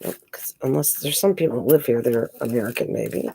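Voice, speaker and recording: A woman's voice: rumbling low, expressive, fast, creaky, warm tone, slightly rough. An older woman hosting a casual live stream from home while crafting, chatting with viewers and calling them pet names.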